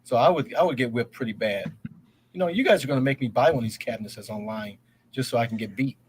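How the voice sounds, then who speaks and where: A man's voice: mid-range voice, quick pace, a little hiss or hum, low-quality recording. A man joining a casual gaming podcast, joking about his own skill. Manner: joking, self-deprecating.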